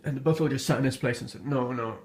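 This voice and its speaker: A man casually retells an old folk tale, stumbling and restarting as he goes. He sounds amused by his own story and often pauses on fillers, with a plain, mid-pitched voice. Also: steady tone, a little mellow.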